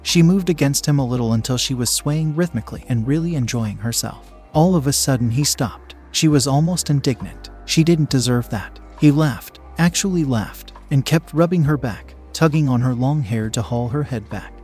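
A man narrating an adult romance story in a slow, even storytelling manner, with a husky voice. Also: mid-range voice, faint music behind.

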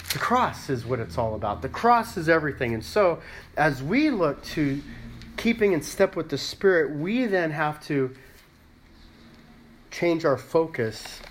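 A man's voice: mid-range voice, a little hiss or hum. A man pastor preaching a sermon in an emphatic, conversational way.

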